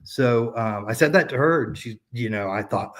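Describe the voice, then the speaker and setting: A man's voice: medium pitch, normal speed, fairly bright tone. A man in his thirties telling a personal story in a casual chat, rambling with many fillers and restarts. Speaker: podcast guest.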